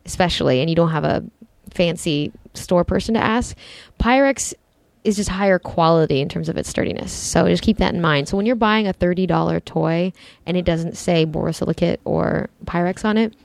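A woman's voice: lowish voice, normal speed, creaky, a little mellow, no room sound. Chatty woman giving practical advice. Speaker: podcast co-host, sex-toy educator. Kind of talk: casual chat.

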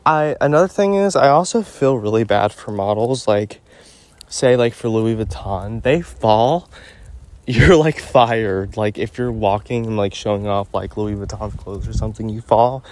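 A teenage boy rants casually into his phone as he walks his dog down a road outdoors. His voice sits on the low side and he takes his time. His talk is loose and full of fillers. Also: unhurried, a little mellow, dry recording. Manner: ranting, filler-heavy with frequent "like" and "um". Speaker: podcast host. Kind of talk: casual rambling monologue.

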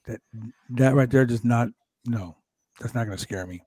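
A man hosting a casual wrestling recap show, talking in an animated, profane way and acting out quotes from the show. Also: medium pitch, fairly quick, breathy edge, dry recording. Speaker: podcast host recapping wrestling.

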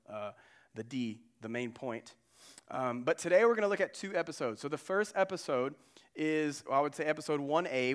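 A man's voice: fairly high pitch, fairly bright tone, smooth. A man preaching a sermon as pastor, in a casual, conversational way with slangy asides.

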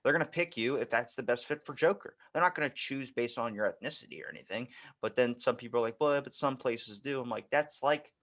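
A man hosting a podcast in casual chat. He is animated and profane and often jumps into acted quotes. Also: mid-range voice, fast talker, hardly any pauses. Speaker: podcast host.

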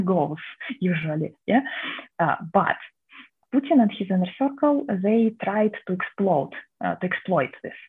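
A woman's voice: fairly low pitch, creaky, breathy edge. Russian-accented woman on a tinny line. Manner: halting, many restarts and fillers, laughs mid-sentence. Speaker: activist and public historian guest. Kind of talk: interview answers. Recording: tinny phone-line audio.

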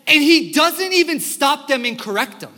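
A young man preaching a sermon as pastor, telling stories in an animated, conversational way with fillers, in a church sanctuary. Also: very high-pitched, moderate pace. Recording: long hall reverb in a church.

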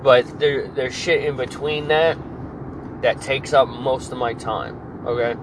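A man's voice: mid-range voice, fairly even intonation, unhurried. A man in his twenties, a podcast host, delivering an angry, profane solo rant full of restarts and repeated phrases. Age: 20s. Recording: clear background noise of traffic and air conditioning.

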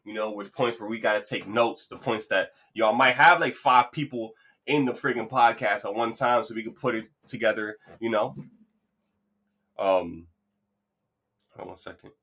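A man's voice: lowish voice, moderate pace, bright, forceful tone, slightly rough. A man hosting his own podcast, talking in a loose, rambling, motivational way. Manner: playful, hypes up an imagined crowd. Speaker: podcast host. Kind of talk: casual solo monologue.

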